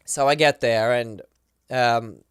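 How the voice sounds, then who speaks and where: Guy guest on a podcast, smooth clear voice, dry close sound, rattling off a story with lots of "like". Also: mid-range voice, no room sound. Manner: excited, rapid retelling full of "like" and acted quotes. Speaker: podcast guest, professional dancer. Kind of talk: casual storytelling.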